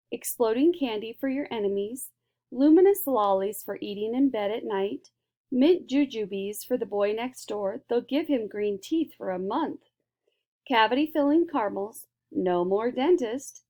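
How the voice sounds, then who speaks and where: A woman reading a children's book aloud in a lively storytelling manner. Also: a little high. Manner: lively, switches into character voices. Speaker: reader.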